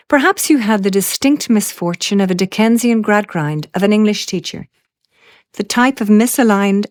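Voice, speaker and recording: A woman's voice: mid-range voice, darkish tone, no room sound, clean studio sound. A woman hosting a podcast, delivering a flowery, theatrical scripted introduction. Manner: ornate, theatrical, wordplay-loving delivery. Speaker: podcast host.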